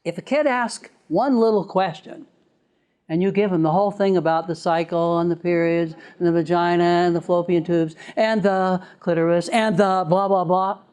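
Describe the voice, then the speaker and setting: A man giving a live lecture to a class, chatty and quick to laugh, acting out little examples as he goes. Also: sits high, steady tone, darkish tone, clear, resonant tone.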